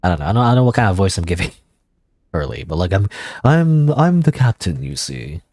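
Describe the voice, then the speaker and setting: A man's voice: low voice, big pitch swings, a little fast, darkish tone, no echo. A man streaming a video game, thinking aloud in a casual, rambling way and reading in-game text. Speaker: gaming streamer. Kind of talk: let's play commentary.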